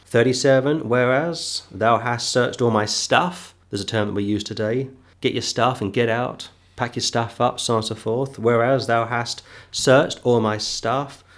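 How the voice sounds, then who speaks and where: A man teaching a Bible sermon, reading King James verses slowly and repeating phrases for emphasis. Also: mid-range voice. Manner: reads scripture slowly, then comments with emphatic repetition. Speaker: preacher.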